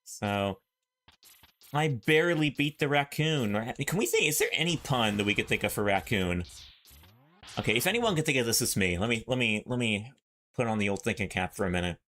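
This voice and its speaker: A man's voice: medium pitch, lively intonation, fairly quick, fairly bright tone. A man casually commenting on his own gameplay, playful and jokey, talking to himself and hunting for puns. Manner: playful, jokey, talks to himself while playing. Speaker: let's play host. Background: game music.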